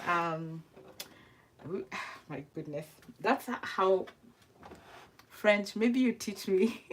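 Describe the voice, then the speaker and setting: A woman with a medium-pitched, animated voice hosts a cooking livestream, chatting casually with her viewers. She laughs a lot, tries out French phrases, and talks at an unhurried pace full of fillers.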